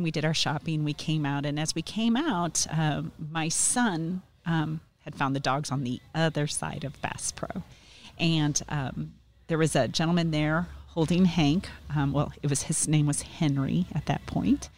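A woman's voice: low-pitched, normal speed, darkish tone. A middle-aged woman who is a guest in an interview, telling a story casually, with a sarcastic streak and plenty of ums. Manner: sarcastic, chatty with frequent ums.

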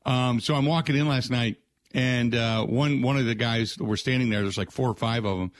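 In a dry recording, a sports talk radio host, male, runs through last night's game in a mid-range, steady voice at a fairly quick clip. He keeps it conversational, sprinkles in lots of "uh" fillers, and fires off game stats.

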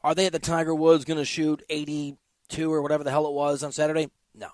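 A man's voice: fairly high pitch, monotone, fast, dry recording. A man hosting a sports talk show, giving an emphatic, opinionated monologue with offhand asides.

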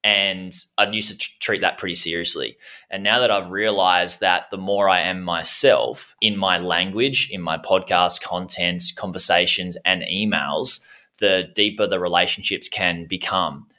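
An Australian man hosting a podcast, talking in a relaxed, chatty way with local slang. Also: deep voice, measured pace. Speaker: podcast host. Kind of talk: casual podcast interview.

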